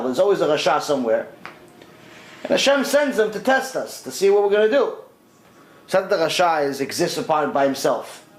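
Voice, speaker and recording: A man, a rabbi, giving a storytelling lesson in an animated, conversational way. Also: fairly high pitch. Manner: animated, conversational retelling with voiced quotes. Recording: echoey room.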